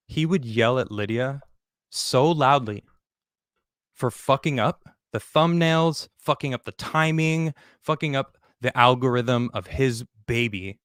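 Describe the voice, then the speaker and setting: A man speaking as a podcast guest, telling his story candidly and bluntly, with frequent swearing and halting restarts. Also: medium pitch, a bit bright, smooth, no echo, clean studio sound. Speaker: podcast guest recounting his exit from a show.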